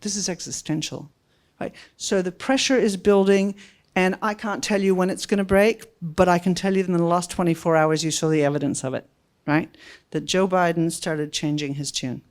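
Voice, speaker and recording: A woman giving a policy talk to an audience in a lecture room, animated and conversational, often checking in with "right?". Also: lowish voice, fairly quick. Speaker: guest speaker.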